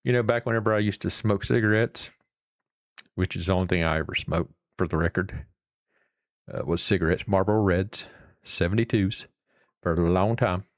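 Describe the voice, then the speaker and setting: A man's voice: sits low, moderate pace, pauses often, no echo, studio quality. A middle-aged man, chatting casually and rambling to his livestream viewers. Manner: rambling, folksy, swears casually. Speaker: livestream host.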